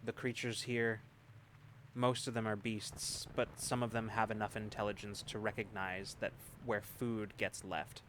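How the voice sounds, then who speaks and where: A man voicing a grim male wastelander, low voice, quiet muttering, slight background hiss. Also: flat delivery, a little slow. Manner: quiet, grim, repeats himself. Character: weary, haunted male wastelander. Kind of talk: tabletop role-play voicing.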